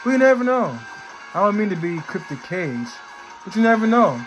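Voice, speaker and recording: A man's voice: high-pitched, very animated, moderate pace, a bit bright, voice pushed up, rough recording. A man doing an offbeat, drawling impression of a famous male movie actor while reading the actor's quotes. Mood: quirky, wry. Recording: clear background music.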